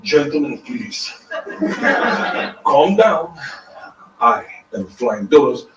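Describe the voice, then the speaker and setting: A man's voice: high voice, unhurried. A man voicing a tall, stern female performer who gives curt commands, heard from a distance in a roomy space with background noise. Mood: commanding. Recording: roomy far-off stage recording with noise.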